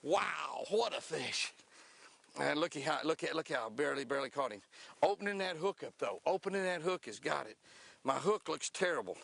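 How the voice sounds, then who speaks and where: An older man with a slightly high, brisk, gravelly voice hosts a fishing show on a lake, chatting in a folksy way. He gets excitable, laughing and whooping whenever fish bite, in a casual outdoor demonstration captured on a dry recording.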